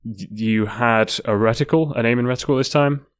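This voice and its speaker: A man co-hosting a podcast in casual chat, laid-back and halting, often giving short agreeing replies. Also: mid-range voice, clean tone, no room sound, clean studio sound. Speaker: podcast co-host.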